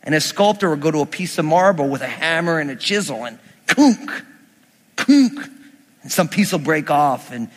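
A man's voice: on the high side, animated, a little fast. Conversational preaching man in a reverberant hall. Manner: conversational, emphatic preaching with asides. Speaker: pastor. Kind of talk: sermon.

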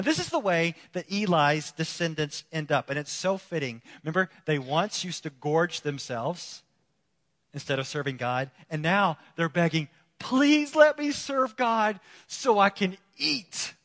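A pastor delivering a sermon, swinging between loud, emphatic declarations and quiet, intimate appeals, with a repetitive preaching cadence. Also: male voice, a little high, animated, moderate pace. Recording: long hall reverb.

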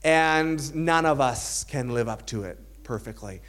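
A man's voice: medium pitch, animated, a little slow, fairly bright tone. A man preaching a sermon as a pastor, earnest, building to emphatic points, with dry self-aware humor.

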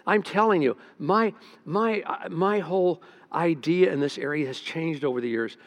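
An older man, a pastor, preaching a sermon in a folksy storytelling way, dropping soft and then rising emphatic. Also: fairly high pitch, moderate pace.

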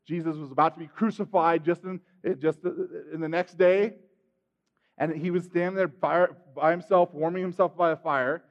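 Male preacher, high voice, animated, swings loud to soft, long hall reverb, muffled sound. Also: moderate pace. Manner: animated storytelling, acting out scenes, swings from loud to hushed. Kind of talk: sermon.

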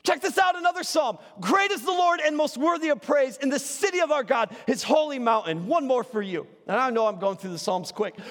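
A man preaching an energetic sermon in a church. He swings between shouting and soft, near-whispered asides, with self-deprecating humor. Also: very high voice, brisk, few pauses, long reverb tail. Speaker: pastor. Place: church sanctuary.

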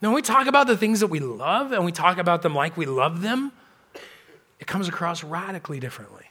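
A man's voice: high-pitched, expressive, a little fast, sharp tone, breathy edge. A man preaching a sermon as pastor, telling a story in a conversational way and acting out the people he quotes. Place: church.

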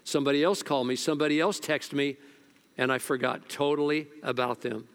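Man, pastor, sermon, storytelling, hushed to loud, church service. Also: fairly high pitch, fairly even intonation, a little fast, clean tone.

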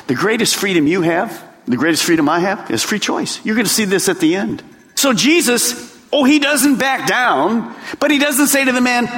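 A man preaches from the pulpit in a high, lively voice that climbs and drops with every point. He pushes some lines out loud and pulls others down to a hush. His voice rings with the long reverb of a church sanctuary. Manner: animated preaching, swings from loud to hushed. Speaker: pastor. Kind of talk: sermon.

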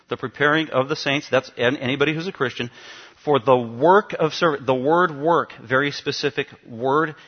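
A man's voice: on the high side, muffled recording. A male pastor preaching a teaching sermon to his congregation, emphatic and given to asking them questions.

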